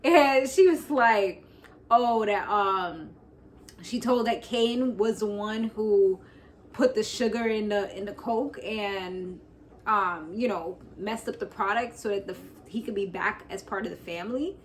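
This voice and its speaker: A woman's voice: mid-range voice, a little slow, a little hiss or hum. A New York woman casually recapping a TV episode, laughing often and acting out the characters' lines. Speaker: recap vlogger.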